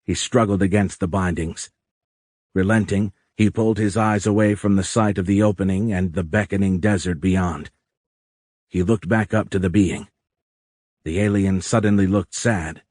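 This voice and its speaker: A man narrating an audiobook in a measured, even reading. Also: deep voice, dry recording, studio quality.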